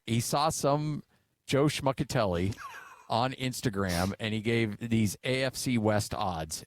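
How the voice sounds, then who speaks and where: A man's voice: fairly low pitch, dry recording. A man in his forties hosting sports talk radio, telling stories in a chatty way with many fillers. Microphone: studio microphone.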